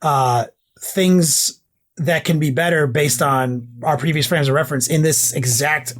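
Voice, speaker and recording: A man's voice: on the high side, a little slow, a bit bright. A man co-hosting a casual podcast, rambling, swearing and getting hyped. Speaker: podcast co-host.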